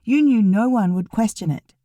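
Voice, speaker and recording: A woman's voice: a little high, moderate pace, mellow, no room sound, pitched above the performer's own voice, natural voice. A woman reading an audiobook, voicing a blunt, sassy young woman who fires pointed questions. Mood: pressing.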